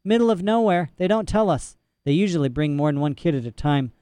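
A man reading an audiobook, voicing a blunt, quick-talking red-haired girl with a London accent. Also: on the high side, expressive, dark tone, clear, resonant tone, no room sound, voice pushed up, close to an everyday voice.

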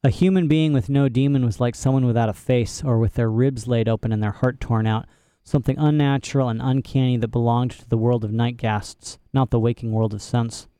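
A man narrating an audiobook chapter in a measured, expressive reading voice. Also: mid-range voice, clean tone, no echo, studio quality. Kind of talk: scripted narration.

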